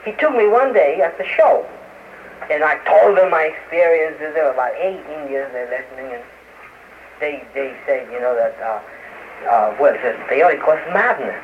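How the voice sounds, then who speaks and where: Guest: man, high lively voice, hesitant and restarting, tinny phone-like band over loud hiss. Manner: halting, hesitant, many restarts and fillers. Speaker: interview guest. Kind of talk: casual interview talk. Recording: noisy lo-fi archival radio, phone-like.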